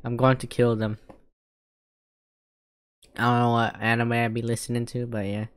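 Very low-voiced woman, brash reaction commentary. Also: flat delivery, normal speed, clean tone, dry recording. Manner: loud, profane, mocking, often laughing. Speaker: reaction video host.

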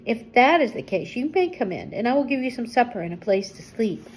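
A woman's voice: fairly high pitch, big pitch swings, brisk, a little hiss or hum. An older woman voicing a wary but kindly farm wife in a storybook reading. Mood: cautious. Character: cautious farm wife, wary then welcoming.

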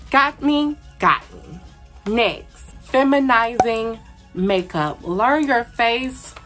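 A woman's voice: mid-range voice, a bit bright. A young woman giving blunt, slangy, sassy advice in a casual vlog, repeating her points for emphasis. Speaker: beauty and advice vlogger.

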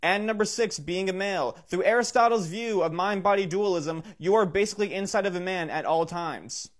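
A man reading out a mock-serious numbered list in a deadpan, lecturing way. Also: high voice, a little fast. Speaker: comedy TikTok creator.

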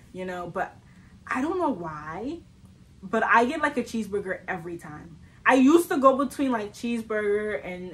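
A young woman from the Southern United States vlogs casually to camera, telling chatty stories full of fillers and laughing often. Her voice is medium-pitched and a bit bright. The recording is rough.

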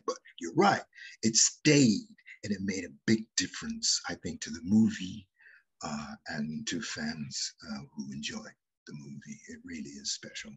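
An older man, an actor, telling stories from his career in an unhurried, reflective way as an interview guest. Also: low-pitched, breathy edge. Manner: unhurried storyteller, drifting between loud and hushed. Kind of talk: reflective anecdotal conversation.

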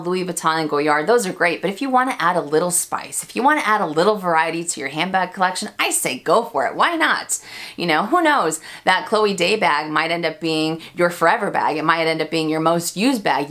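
In a lowish, slightly bright voice, an American woman talks animatedly and a little fast while hosting her handbag Q&A vlog. This luxury handbag YouTuber is chatty, laughs frequently, and pokes fun at herself.

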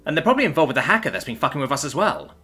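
A man's voice: a little high, sing-song, rapid-fire, sharp tone, breathy edge, full character voice. A man doing Jack, a sarcastic hot-headed human student. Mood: mocking. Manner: sarcastic, snarling.

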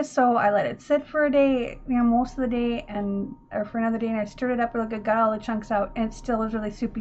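A woman's voice: fairly high pitch, darkish tone. A woman chatting in a rambling, self-deprecating way while working on mixed media art. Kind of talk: rambling casual craft vlog. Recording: muffled lo-fi with faint room hiss.

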